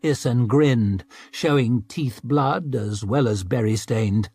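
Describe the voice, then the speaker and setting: A man narrating an audiobook in a measured, even storytelling manner. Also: mid-range voice, husky, no room sound, clean studio sound. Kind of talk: scripted narration.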